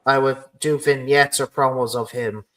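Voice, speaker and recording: A man hosting a podcast in loose, casual chat. He rambles and leans on "you know" often. His pitch sits in an ordinary middle range. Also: fairly even intonation, moderate pace, fairly bright tone, low-quality recording. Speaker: podcast host.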